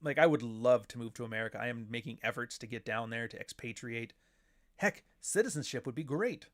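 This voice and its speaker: A middle-aged man from Canada hosts a casual livestream commentary. He rambles from point to point, swears freely and keeps a dry, sardonic edge in his talk. His pitch sits in the middle for a man. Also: lively intonation, a little fast. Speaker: show host.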